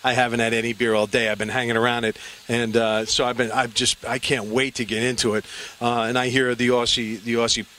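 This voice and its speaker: A male TV host with a bright, forward voice and a middle-range pitch. He talks in a chatty, effusive, rambling way while interviewing people at a brewery. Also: little pitch movement, brisk, slight background noise. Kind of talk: on-location interview.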